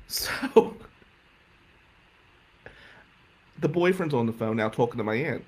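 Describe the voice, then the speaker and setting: A man telling a comic story in an animated, profane, incredulous way. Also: medium pitch, slow pace, slightly rough. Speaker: stand-up comedian.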